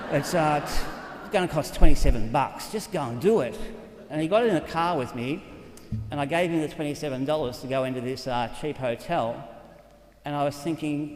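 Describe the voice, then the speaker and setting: A man's voice: on the high side, moderate pace, a little mellow. An older Australian man, a Catholic priest, telling stories in an earnest, conversational way. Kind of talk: storytelling talk. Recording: echoey hall reverb.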